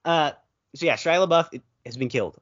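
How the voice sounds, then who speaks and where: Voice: mid-range voice, fairly quick, muffled recording. A podcast co-host chatting casually about movies, telling long rambling stories with playful quoted asides.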